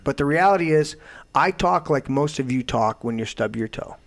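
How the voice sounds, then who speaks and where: A man's voice: mid-range voice, expressive, normal speed. A man hosting his own talk show, delivering an indignant, profane rant. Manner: loud, indignant, heavy swearing. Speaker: host.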